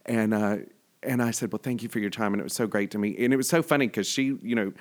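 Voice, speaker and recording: A man hosting a show, telling a story in an excitable, chatty way full of fillers. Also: fairly low pitch, fast. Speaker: host. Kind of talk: casual chat.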